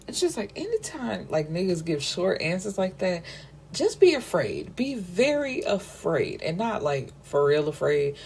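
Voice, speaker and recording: A young woman talks through a book in a casual, chatty review, full of slang and side notes. Her voice sits on the lower side for a woman. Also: very animated, a little slow, vocal fry, a little mellow, a little hiss or hum. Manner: chatty, giggly asides, slangy.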